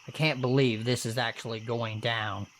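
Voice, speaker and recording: A man narrating true horror stories in first person, with steady, earnest delivery and casual swearing. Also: medium pitch, normal speed, slight background noise.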